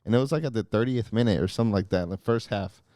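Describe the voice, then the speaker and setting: A man gives his opinions on soccer in a relaxed, easygoing way, his voice warm and a bit low. Fillers pepper his talk, and the sound is close and dry. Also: racing, no echo. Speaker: podcast co-host. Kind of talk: casual soccer chat.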